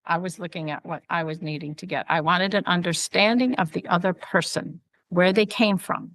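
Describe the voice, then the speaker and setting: A middle-aged woman, a podcast guest and author, chatting casually and telling personal stories in an animated way. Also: on the low side, no echo. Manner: animated storytelling, chatty asides. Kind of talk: casual chat.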